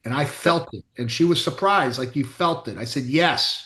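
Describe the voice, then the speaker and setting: A middle-aged man with a fairly high voice tells blunt, emphatic stories and swears now and then. He sounds like he is chatting in an echoey room. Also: normal speed, a bit bright. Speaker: chiropractor, podcast co-host. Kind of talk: casual chat.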